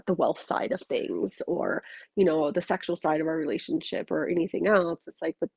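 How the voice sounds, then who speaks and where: In a lowish, slightly mellow voice with vocal fry and a breathy edge, a woman talks from bed on her solo podcast. She's a relationship coach, tired but casual, emphatic and blunt, cursing freely. The recording is dry.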